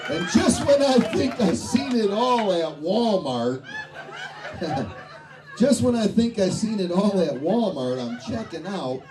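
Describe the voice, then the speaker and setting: A man's voice: sits high, very animated, takes it slowly, crowd noise. A middle-aged man doing a stand-up comedy set, swearing freely and laughing at his own jokes, in a tavern showroom. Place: tavern showroom before a live crowd. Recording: distant and noisy live bar recording.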